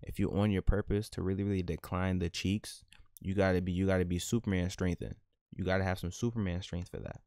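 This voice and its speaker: A man hosting a casual let's-play of a life-sim game, talking in animated slang and laughing at his own jokes. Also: deep voice, a little fast, no echo, clean studio sound. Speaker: gaming channel host.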